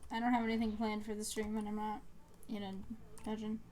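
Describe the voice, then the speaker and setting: A woman's voice: mid-range voice, completely flat delivery, a little fast, a little mellow, slight background noise. A young woman from New Jersey, chatting casually and rambling as she streams a game, with many fillers and little laughs. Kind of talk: casual chat while gaming.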